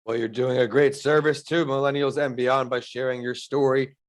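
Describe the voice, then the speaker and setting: A man's voice: mid-range voice, fairly even intonation, moderate pace. A young man hosting a podcast, reading an earnest, upbeat intro and questioning his guest. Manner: earnest, upbeat, reads from a script. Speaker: podcast host. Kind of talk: scripted podcast intro and interview.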